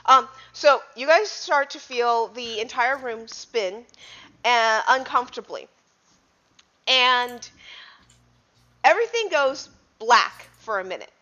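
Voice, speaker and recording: A woman's voice: a little high, expressive, takes it slowly, pauses often, bright, forceful tone. A woman narrating as game master of a tabletop superhero game, easygoing and laughing along with her players. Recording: dull lo-fi podcast audio.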